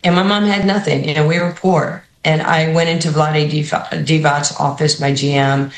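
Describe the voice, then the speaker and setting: A woman from New York with a New York accent, a basketball head coach telling stories in a fast, lively interview manner. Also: low voice. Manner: fast, lively, acts out quoted voices. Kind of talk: animated storytelling in an interview. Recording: echoey room.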